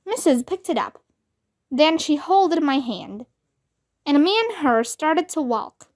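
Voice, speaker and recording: Slow, sing-song woman reading aloud. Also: high-pitched. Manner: slow, expressive storytelling. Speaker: storybook reader. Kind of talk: children's book read-aloud.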